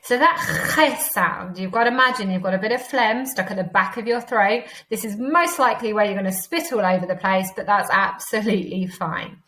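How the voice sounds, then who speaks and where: An English woman teaching a beginner Spanish lesson, encouraging and slowing down to model each word twice for pupils to repeat. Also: mid-range voice, a bit bright. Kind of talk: recorded online language lesson.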